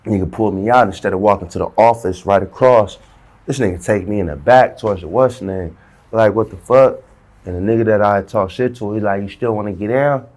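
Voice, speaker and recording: A man's voice: fairly low pitch, brisk, a little mellow. A man in a casual interview, telling a story heavy with slang and acting out the dialogue himself. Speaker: interview guest.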